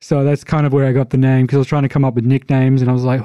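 A man from Australia, a player on a tabletop podcast, chatting in an easygoing way with lots of pauses and "um"s. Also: medium pitch, little pitch movement, mellow, clean tone, dry recording, studio quality. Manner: easygoing, agreeable, hesitant. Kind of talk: casual podcast chat.

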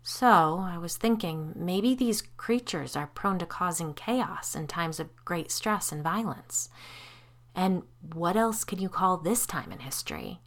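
Low-voiced woman narrating a spooky podcast. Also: animated, measured pace. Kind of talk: scripted narration.

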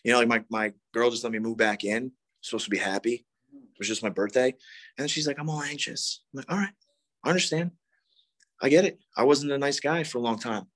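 A man's voice: medium pitch, fairly quick, fairly bright tone. A man in his thirties telling a rambling, profane story at a recovery meeting. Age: 30s. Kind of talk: casual storytelling talk.

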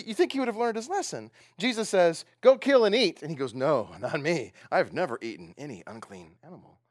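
A man's voice: mid-range voice, no room sound, studio quality. A man preaching a casual sermon, retelling a Bible story with jokes and acting out the quoted lines. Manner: animated, joking, acts out quoted lines. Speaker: pastor.

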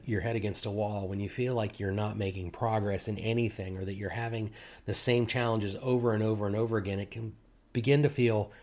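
A man preaching a sermon in a relaxed, conversational way, acting out quoted complaints and chuckling now and then. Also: lowish voice. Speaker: pastor.

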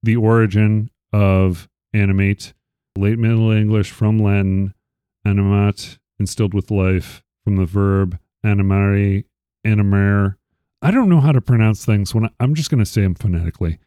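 A man hosting a podcast, reading out word definitions deliberately and asking questions. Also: lowish voice, mellow, clean tone, no echo, clean studio sound. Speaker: podcast host. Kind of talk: casual interview chat.

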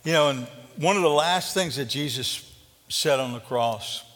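A man preaching a sermon as pastor, conversational and earnest, dropping to a hushed intensity. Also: a little high, measured pace. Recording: reverberant hall.

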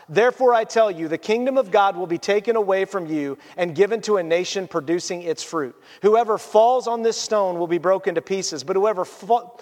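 A man preaching a sermon as a pastor, animated and conversational. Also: sits high, big-room sound.

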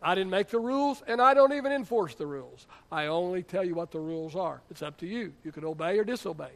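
A man's voice: sits high, expressive, fast, creaky. A middle-aged man preaching a sermon as pastor, emphatic, with rhetorical questions and playful asides.

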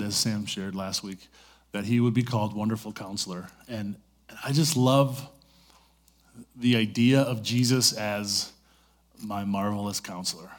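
A middle-aged man giving a sermon in a conversational, storytelling way, full of asides. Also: mid-range voice. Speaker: pastor.

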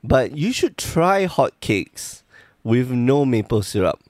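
A man's voice: mid-range voice, very animated, slow, a little mellow, no room sound. A man hosting a casual podcast, joking and rambling, with a slight lisp from a sore tongue. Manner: joking, rambling, self-deprecating. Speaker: podcast host.

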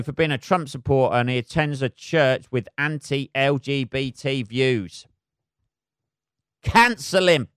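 A man's voice: medium pitch, dry recording, studio quality. A man hosting a solo podcast, swearing constantly and rambling sarcastically. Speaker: podcast host.

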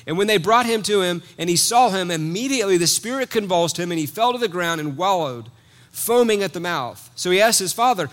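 A man preaching a sermon, reading scripture and explaining it, with repeated words as he thinks aloud and loud emphatic peaks. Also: high-pitched, expressive, brisk.

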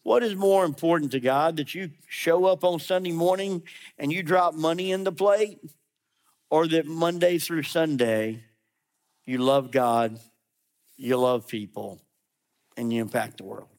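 Slightly high-voiced pastor preaching conversationally. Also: male voice, steady tone, a little slow, a little mellow. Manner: conversational, direct challenges to the listener; sarcastic asides. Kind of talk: sermon.

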